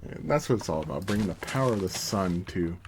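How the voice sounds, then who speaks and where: A man's voice: low voice, animated, fast, background noise. A man streaming a block-building game, chatting casually and narrating his moves with mock-grand flourishes. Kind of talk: casual gameplay commentary.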